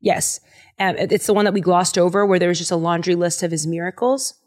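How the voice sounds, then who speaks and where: Brief: woman podcast host, casual and animated, slangy storyteller. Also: on the low side, fast. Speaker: podcast host retelling Bible stories. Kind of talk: casual chat.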